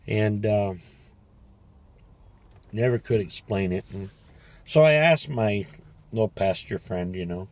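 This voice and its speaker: A man's voice: fairly low pitch, slow, pauses often, a little mellow, no room sound. An older man casually telling a rambling personal story as a vlogger, sitting in his parked car, chatty and laughing as he talks. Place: parked car in a parking lot.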